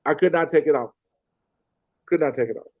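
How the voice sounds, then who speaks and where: A man's voice: on the high side, fairly quick, dull audio. A middle-aged man from Arkansas, a former police detective earnestly telling a personal story and repeating phrases for emphasis. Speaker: podcast guest.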